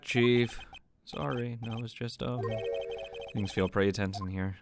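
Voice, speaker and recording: A man's voice: lowish voice, normal speed, a little hiss or hum. A man giving casual, irreverent let's play commentary and reading game dialogue, swearing and laughing at himself. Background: game music.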